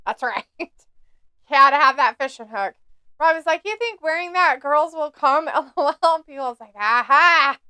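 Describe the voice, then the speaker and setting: Giggly high-voiced woman reading chat. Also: animated, unhurried, pushed and bright, no room sound. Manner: laughs often, reads viewer chat aloud. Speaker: live stream co-host. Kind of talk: casual watch-along chat.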